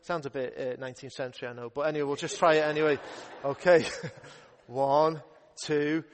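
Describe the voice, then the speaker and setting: A man's voice: on the high side, fairly even intonation, moderate pace, slight background noise. A young man, a youth minister, telling a Bible story to children in a playful, upbeat way in a church hall. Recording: echoey hall with long reverb.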